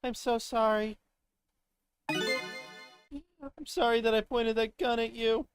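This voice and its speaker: A woman voicing a gentle young girl in a game, soft and sweet. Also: a little high, steady tone, slow, music in the background, pitched above the performer's own voice.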